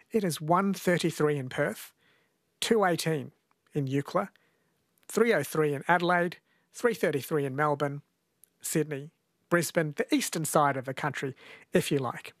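A man's voice: a little high, moderate pace, a bit bright, no echo, studio quality. A man from New Zealand hosting a radio talk show, chatty and asking long questions. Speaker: radio host.

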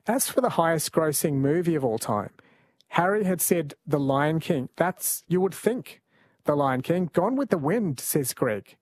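A man hosting a late-night radio quiz, relaxed and chatty. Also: fairly high pitch, no echo. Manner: relaxed, chatty, laughs easily. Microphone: studio mic.

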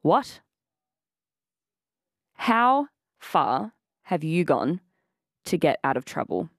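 A woman's voice: deep voice, big pitch swings, takes it slowly, dry recording. An Australian woman hosting breakfast radio from a studio, chatty and playful, laughing easily as she talks. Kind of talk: casual radio chat. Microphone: studio microphone.

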